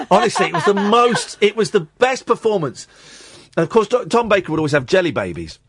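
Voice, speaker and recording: A man, hosting a radio show and telling a rambling, animated story in a studio. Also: on the high side, fairly quick, breathy edge, dry recording. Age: 40s. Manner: animated, rambling, self-interrupting. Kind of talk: casual on-air storytelling. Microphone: studio microphone.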